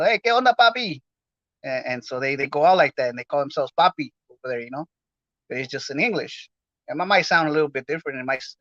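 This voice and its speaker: A man's voice: medium pitch, a bit bright, no echo. A man from Los Angeles hosting his podcast in a casual, rambling, slangy chat full of fillers. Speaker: podcast host. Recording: dull lo-fi dry sound.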